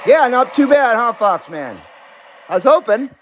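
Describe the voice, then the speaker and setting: A man's voice: extremely high pitch, big pitch swings, unhurried, a crowd in the background. A middle-aged man hosting a live CB radio stream, chatting casually and joking easily with radio contacts.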